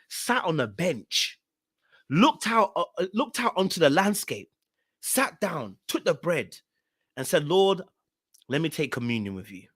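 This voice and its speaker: A young man, hosting a podcast and telling a personal story in an animated way, repeating phrases for emphasis. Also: a little high, husky, no room sound, studio quality. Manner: animated, repeats phrases for emphasis, acts out his own past words. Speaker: podcast host. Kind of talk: storytelling talk.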